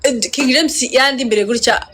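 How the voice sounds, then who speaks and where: Excitable woman, higher voice. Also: a little fast, a little hiss or hum. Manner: excitable, code-switching, laughs often. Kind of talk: casual storytelling chat.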